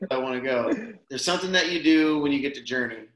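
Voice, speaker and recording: Male guest, mid-pitched, casual rambling storyteller, slangy, echoey room. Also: quick pace. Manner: relaxed, rambling, peppers speech with "man" and "dude". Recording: roomy echo.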